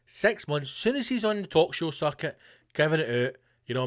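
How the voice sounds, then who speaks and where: A Scottish man hosting his podcast, delivering a sweary, animated comedic rant in a conspiratorial tone. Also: a little high, brisk. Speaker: podcast host.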